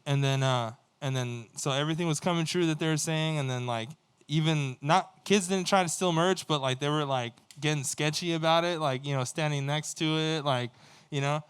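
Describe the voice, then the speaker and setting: A band member telling a story casually on a livestream, cursing freely and acting out what other people said. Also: male voice, fairly high pitch, moderate pace, smooth. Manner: animated, profane, acts out quoted dialogue.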